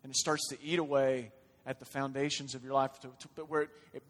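A man preaching a sermon, shifting from quiet, conversational talk to loud, impassioned urging. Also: medium pitch, level tone, a little fast. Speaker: pastor. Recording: long reverb of a large hall.

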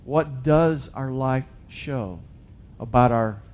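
Taking it slowly, a medium-pitched man delivers a sermon, reading scripture and putting it into casual paraphrase. He moves from loud emphatic bursts to hushed asides.

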